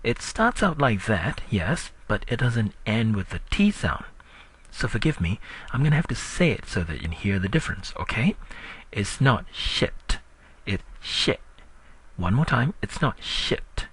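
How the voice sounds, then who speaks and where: A man teaching a recorded language lesson, drilling words slowly and patiently. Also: breathy edge, dry recording. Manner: slow, patient drilling with lively pitch.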